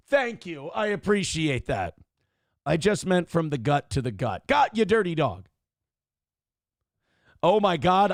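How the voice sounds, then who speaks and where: A middle-aged man hosts a casual livestream talk show, reading donations aloud with loud, crude jokes and a rough voice that cannot reach high notes. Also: dry recording, clean studio sound. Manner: loud, crude, joking, reads chat messages aloud.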